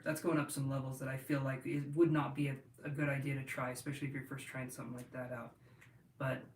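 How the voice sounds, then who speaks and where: A man's voice: medium pitch, a little hiss or hum. Man live-streaming in an echoey room. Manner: rambling, talks straight to viewers, with many restarts. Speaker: tarot reader hosting a live stream. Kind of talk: casual live-stream chat. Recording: echoey room, mic at a distance.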